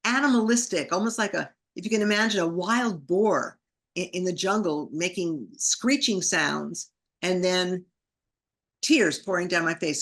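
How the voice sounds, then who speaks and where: A woman's voice: fairly low pitch, normal speed, a bit bright. A woman, a podcast guest, telling a personal story vividly, acting out her inner thoughts in an emotional way.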